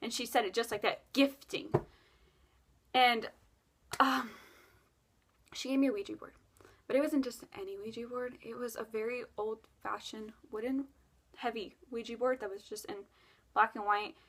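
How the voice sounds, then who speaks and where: A woman's voice: a little high, steady tone, moderate pace. A young adult woman telling a spooky dream story in a rambling, casual way, with lots of fillers and self-corrections.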